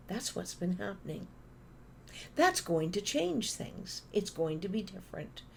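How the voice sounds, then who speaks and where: A Canadian woman giving a motivational conference talk, telling stories and acting out phone calls in an animated way. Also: low-pitched, creaky, a little hiss or hum. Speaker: conference speaker.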